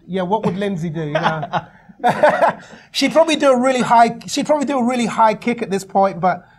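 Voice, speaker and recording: A man's voice: high-pitched, a little fast. A man with an English accent, chatting and laughing a lot as a guest singer. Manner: animated, laughing often, chatty. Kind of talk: casual chat.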